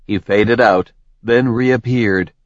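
A man narrating a dark fantasy novel in a measured, even reading. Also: fairly low pitch, dry recording, lo-fi sound. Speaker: audiobook narrator.

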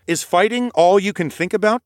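A man's voice: high voice, fairly quick, dry recording, clean studio sound, pitched above the performer's own voice, natural voice. A man as a playful, teasing young brawler. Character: brash, fight-loving young brawler. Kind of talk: audiobook character voice.

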